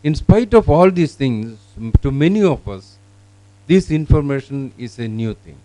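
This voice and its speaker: A man with an Indian English accent demonstrating teaching software, explaining with fillers and small grammar slips. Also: medium pitch, sing-song, moderate pace, no echo, rough recording. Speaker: company presenter. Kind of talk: product demonstration.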